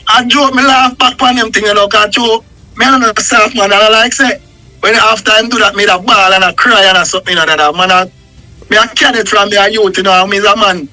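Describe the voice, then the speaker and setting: A man's voice: high voice, fast talker, bright, forceful tone, soft background music, low-quality recording. A man with a Jamaican Patois accent, telling his own story in rambling, emphatic casual talk.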